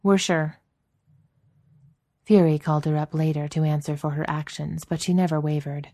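A woman narrating a story as an audiobook reader, in a steady, even storytelling manner. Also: deep voice, a little fast, no room sound, studio quality. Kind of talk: narrating a fan fiction story.

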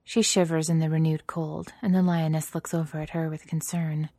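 A woman narrating a story in a steady, even reading voice. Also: low-pitched, normal speed, few pauses, no room sound, clean studio sound.

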